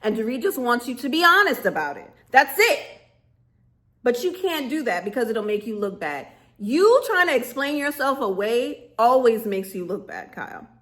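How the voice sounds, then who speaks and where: Woman vlogger on a camera mic, sassy casual rant, fairly high voice, quick laughs. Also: very animated, a bit bright. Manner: sassy, emphatic, often laughing. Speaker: vlogger reviewing a reality show.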